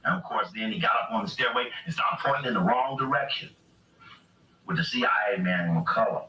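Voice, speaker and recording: A man's voice: fairly quick, bright, forceful tone, echoey room, recorded from a distance, poor audio. A man giving an impassioned lecture, asking rhetorical questions and reading quotes aloud from books. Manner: emphatic, rhetorical questions, acts out quotes with rising pitch. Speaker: speaker reading from books to a camera.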